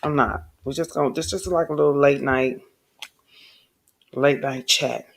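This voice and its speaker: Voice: mid-range voice, steady tone, measured pace, gravelly, slight background noise. A host doing late-night live-stream commentary, chatty and emphatic, greeting viewers and swearing when heated. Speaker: online commentator and channel host.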